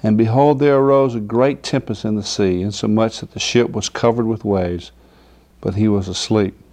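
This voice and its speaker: A man's voice: on the low side, fairly even intonation, normal speed, darkish tone. A man preaching an informal sermon, reading scripture aloud and often asking the listeners if they understand. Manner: conversational, asks "do you understand?" often; acts out quoted figures with laughter.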